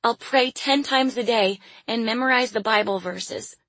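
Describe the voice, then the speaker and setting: Woman putting on a scared little girl, higher voice, tearful and pleading, dry close sound. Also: measured pace, a bit bright, no echo. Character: frightened little girl praying desperately.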